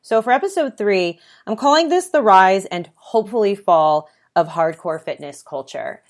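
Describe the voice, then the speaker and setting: A podcast host from the United States delivers a solo monologue in an expressive, medium-pitched voice at normal speed. She talks earnestly and conversationally, using lists and the occasional filler.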